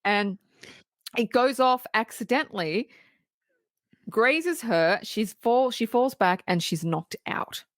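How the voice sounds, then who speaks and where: A woman's voice: on the high side, slow, no echo. Dry, laughing podcast woman. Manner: lively scene-by-scene recap, laughs often, swears casually. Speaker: podcast co-host. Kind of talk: casual film-review chat.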